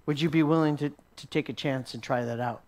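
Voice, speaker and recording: A man's voice: mid-range voice, brisk, a little mellow. A man teaching a sermon as a story, often repeating words as he restarts and chuckling along. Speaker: Christian teacher.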